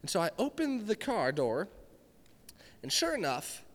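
In a reverberant church hall before a live audience, a young man serving as youth pastor gives a sermon, animatedly telling stories and acting out his own reactions. His voice sits high, swoops wildly in pitch, and moves a little slowly.

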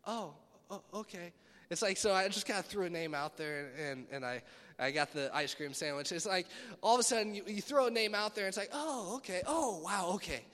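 A man giving a casual youth sermon, animated and chatty, acting out quoted dialogue in playful voices. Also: high voice, fast. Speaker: youth speaker. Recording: long hall reverb.

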